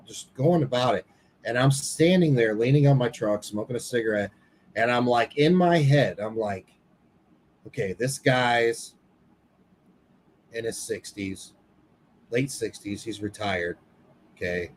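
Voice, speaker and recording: A man's voice: mid-range voice, darkish tone, a little hiss or hum, rough recording. Male podcast co-host, mid-range voice, loose and candid storyteller. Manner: candid, swears casually, retells dialogue. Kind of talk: casual storytelling chat.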